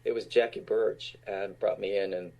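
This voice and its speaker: A man's voice: fairly low pitch, steady tone, moderate pace, vocal fry, a little mellow. A man in his sixties from Utah, a guest actor telling casual stories and laughing often. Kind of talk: casual storytelling.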